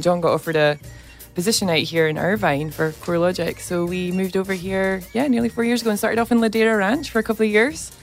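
Scottish lady chatting on local radio, deeper voice, laughs a lot, faint music under. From northeast Scotland. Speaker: radio guest. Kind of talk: casual radio interview. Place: radio studio.

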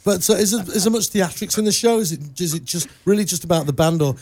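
A male radio co-host with a somewhat high voice, upbeat and playful as he asks the guest questions. He sounds eager and easygoing. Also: quick pace, a loud crowd. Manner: enthusiastic, playful. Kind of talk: radio interview chat.

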